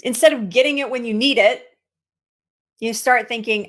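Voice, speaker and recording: A woman, a cancer coach, giving an expressive motivational talk, repeating words for emphasis and laughing at herself. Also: on the high side, normal speed.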